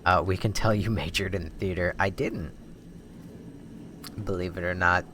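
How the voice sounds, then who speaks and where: A man's voice: low-pitched, steady tone, normal speed, pushed and bright. A man streaming, rambling casually and swearing freely as he breaks off and restarts his thoughts. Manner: rambling, profane, self-interrupting. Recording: noisy background.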